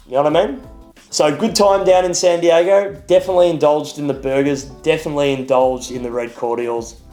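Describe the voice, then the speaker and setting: Young aussie guy vlogging, chatty and upbeat, bit of music going quietly behind. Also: a little high, fairly quick. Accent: Australian. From Australia. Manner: chatty and upbeat, with playful asides. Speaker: vlogger and podcast host. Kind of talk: casual travel vlog narration.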